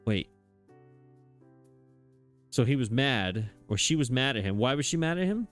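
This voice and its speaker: A man's voice: medium pitch, sing-song, unhurried, faint music behind. A man hosting a cozy farming game let's play, chatting casually and joking about the story with frequent laughs. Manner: jokey, self-deprecating, laughs often. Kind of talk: casual gameplay commentary.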